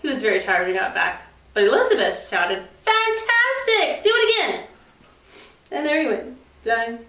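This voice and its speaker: Animated woman reading to children. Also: mid-range voice, fairly quick. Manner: animated, affectionate storytelling. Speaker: childcare teacher. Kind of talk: children's story time reading. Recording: roomy, distant mic.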